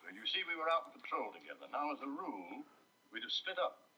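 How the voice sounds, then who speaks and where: An actor playing an older male ex-fighter pilot, recounting a wartime story in a measured, old-fashioned way. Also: mid-range voice, big pitch swings, sharp tone, a little hiss or hum. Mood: reminiscing. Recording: dull old TV soundtrack.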